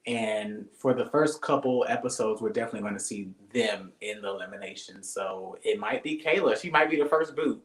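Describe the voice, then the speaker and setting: A co-host chatting casually, quick to joke and laugh, leaning hard on points. The voice has a mid pitch and carries plenty of room echo. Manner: joking, laughs often, emphatic. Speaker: podcast co-host. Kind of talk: casual reality-TV chat.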